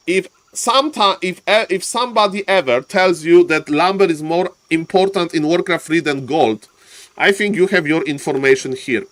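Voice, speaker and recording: A man casting a live strategy game match, jumping between calm play-by-play and excited yelling, repeating his catchphrases. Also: high voice. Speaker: game caster. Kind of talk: live esports commentary.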